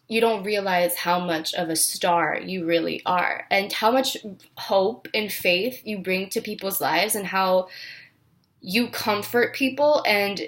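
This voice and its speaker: A woman's voice: mid-range voice, fairly bright tone. A woman giving a casual tarot reading to her viewers, earnest and encouraging, with lots of fillers and restarts, and close to tears. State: near tears, voice catching. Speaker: tarot reader.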